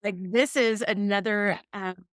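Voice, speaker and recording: Woman podcast co-host, lively storyteller who acts out quotes, dry close sound. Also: mid-range voice, a little slow, no room sound. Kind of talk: casual chat.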